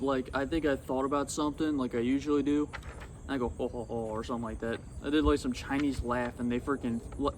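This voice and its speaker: A young man talking casually about his old video on his phone outdoors, rambling and excitable. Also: medium pitch, a little hiss or hum. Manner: rambling and excitable, swats at bugs. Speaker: YouTuber. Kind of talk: casual vlog commentary. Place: outdoors among insects.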